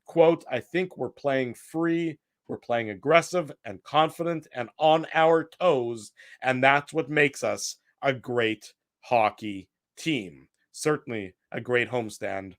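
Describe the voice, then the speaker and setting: A man's voice: mid-range voice, slow, dry recording, clean studio sound. A middle-aged man hosting a hockey post-game talk show, chatting casually and reading out quotes with asides. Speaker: podcast host.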